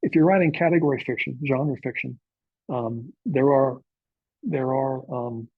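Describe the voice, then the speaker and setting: A man's voice: mid-range voice, unhurried, slightly rough, dry recording, phone-quality sound. A man, a novelist, giving an informal workshop talk to writers, speaking conversationally with frequent filler uhs and checking in with "okay?".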